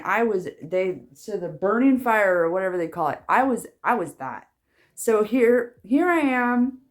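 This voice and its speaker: Chatty young woman vlogging, lowish voice. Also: darkish tone. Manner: chatty, rambling, with many restarts and fillers. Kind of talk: casual vlog chat.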